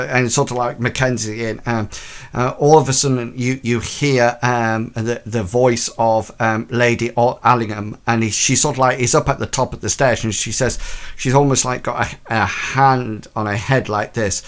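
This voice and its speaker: A man's voice: mid-range voice, steady tone, moderate pace, fairly bright tone. A man narrating a tabletop role-playing game as game master, in a hesitant way with many ums and restarts.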